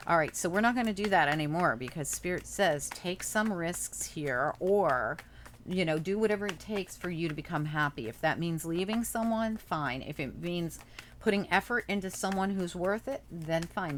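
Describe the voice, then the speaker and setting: A woman's voice: lowish voice, moderate pace, slight background noise. Chatty woman reading tarot cards. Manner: chatty, animated exclamations, thinking aloud. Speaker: tarot reader. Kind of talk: casual tarot reading monologue.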